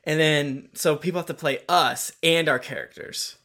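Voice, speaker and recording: A man's voice: a little high, moderate pace, bright, forceful tone. A man chatting casually as a game master on a podcast, rambling and searching for names as he goes.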